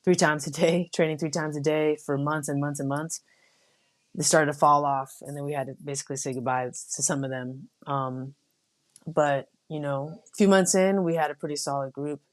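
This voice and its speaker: A young adult woman from the United States, a Marine officer guest, telling stories in a relaxed, casual way with many fillers. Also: sits low, normal speed. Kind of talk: casual interview.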